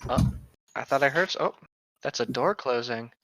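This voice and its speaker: A man's voice: mid-range voice, normal speed, creaky, fairly bright tone. A man reading story posts aloud and rambling jokingly on a casual podcast. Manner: rambling, joking, laughs a lot. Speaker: co-host reading stories.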